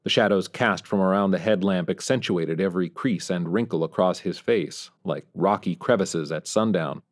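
Low-voiced man narrating a story. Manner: measured storytelling. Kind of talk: scripted narration.

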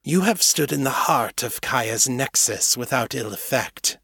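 A man voicing an ancient male skunk mage who speaks with flat, observational detachment. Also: medium pitch, measured pace, creaky, slightly rough, no room sound, studio quality, exaggerated voice. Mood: detached.

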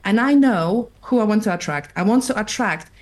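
A woman in her thirties from Poland with a light Polish accent, a photographer chatting as a guest in a casual, straight-talking, lively way. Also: mid-range voice, normal speed. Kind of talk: casual interview chat.

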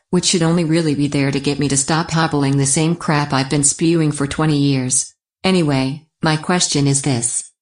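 A man's voice: fairly high pitch, natural voice. A man voicing a smug male comedian who reads out a self-mocking letter in a sneering tone. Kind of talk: comic letter reading.

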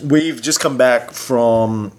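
A middle-aged man hosting a podcast, chatting casually late at night in a hotel room, a little hoarse and rambling with many fillers and restarts. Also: mid-range voice, slow pace. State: losing his voice. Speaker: podcast host.

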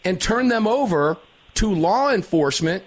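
Guy hosting talk radio, revved up and punchy, kinda high voice. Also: moderate pace. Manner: energetic, folksy, emphatic. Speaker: radio show host.

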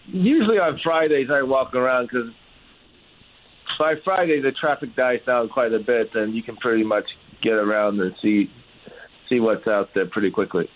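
A man joining a talk radio show as a guest, giving relaxed, short answers. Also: medium pitch, moderate pace. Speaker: radio guest, company CEO. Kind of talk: call-in interview answers. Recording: tinny phone line.

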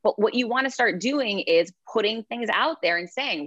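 A middle-aged woman being interviewed as an author and speaker, telling stories in an energetic, emphatic way. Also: fairly high pitch, moderate pace, hardly any pauses, no room sound, muffled recording. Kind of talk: interview conversation.

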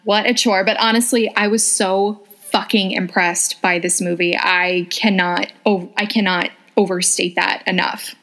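A woman co-hosting a podcast in casual chat, excitable and quick to laugh, swearing freely. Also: mid-range voice. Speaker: podcast co-host.

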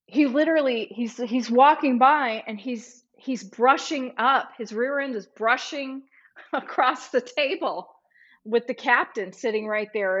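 Woman trial lawyer telling a vivid story, slow and dull audio. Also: a little high. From Los Angeles-based. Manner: vivid retelling, acts out quoted speech. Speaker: trial lawyer, podcast guest. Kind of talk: storytelling in conversation.

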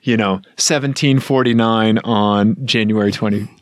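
A man co-hosting a podcast, chatting casually in a rambling, filler-heavy way with excited asides. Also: on the low side, moderate pace, no echo, clean studio sound. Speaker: podcast co-host. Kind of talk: casual aftershow chat.

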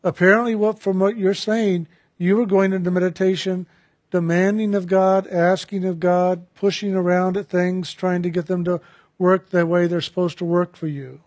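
A man who is a spiritual teacher, retelling a conversation in a calm, reflective talk with repeated phrases. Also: high-pitched, normal speed, dry recording, clean studio sound.

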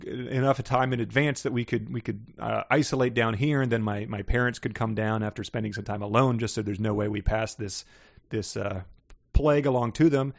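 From his parents' house in North Carolina, a man co-hosts a comedy podcast, rambling, joking, and laughing often in casual comedic chat. His voice is medium-pitched, steady, fairly quick, and gravelly.

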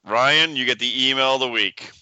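A man's voice: medium pitch, normal speed, sharp tone, no room sound, poor audio. A man hosting a casual pinball podcast, leading the mail segment in an upbeat way. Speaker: podcast host. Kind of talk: casual chat.

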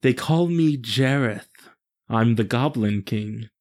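Casting: man doing an unhurried, smug goblin king, low and cool. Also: close to an everyday voice. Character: smooth, mocking male goblin king.

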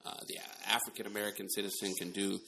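A man's voice: lowish voice, flat delivery, quick pace, vocal fry, bright, forceful tone. A man as a podcast guest in casual chat, talking in a laid-back, slangy way.

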